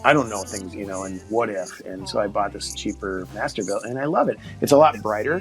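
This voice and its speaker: Man, host, gravelly voice, rambling, enthusiastic, faint background music. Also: lowish voice, fairly quick, poor audio. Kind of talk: casual video-call interview.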